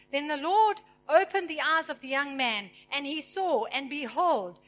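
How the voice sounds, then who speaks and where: A woman preaching a sermon, retelling a story and acting out its characters with lively emphasis. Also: high-pitched. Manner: animated, acts out the characters with emphasis.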